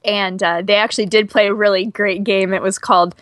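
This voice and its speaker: A woman's voice: medium pitch, steady tone, brisk, fairly bright tone, dry recording, studio quality. A woman co-hosting a podcast in casual chat, gushing and chatty with lots of fillers. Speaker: podcast co-host.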